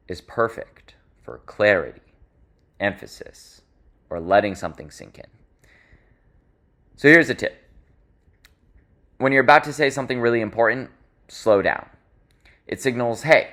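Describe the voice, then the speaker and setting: A man teaching public speaking in an instructional talk, stressing key words and shifting his pace and volume to make his points. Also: mid-range voice. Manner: expressive, varies pace and volume for emphasis.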